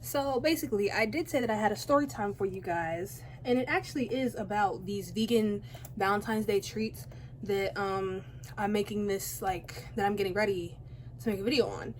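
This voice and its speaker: Doing her makeup at home near a window, a chatty teen girl rambles through a storytime vlog, cutting herself off as she goes. She speaks at medium pitch and a moderate pace, a bit out of breath, with slight noise in the background.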